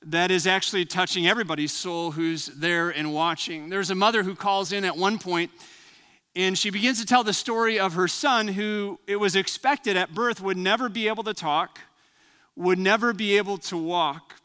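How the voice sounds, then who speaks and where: A man's voice: high-pitched, normal speed, pushed and bright, clean tone, in a large hall. A man preaching as a pastor, praying and then telling a story in an earnest, reflective way. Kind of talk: sermon.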